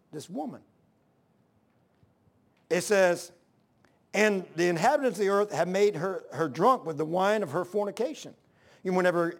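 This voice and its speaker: High-voiced preaching man. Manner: preaching with swings between loud exhortation and low hushed asides. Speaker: pastor. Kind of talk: sermon.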